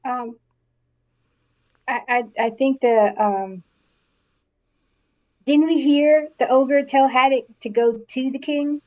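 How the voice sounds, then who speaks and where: A woman's voice: high-pitched, takes it slowly, pauses often, dry recording, muffled recording. A woman playing a tabletop game, chatty with hesitant asides. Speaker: player. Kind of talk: casual tabletop play.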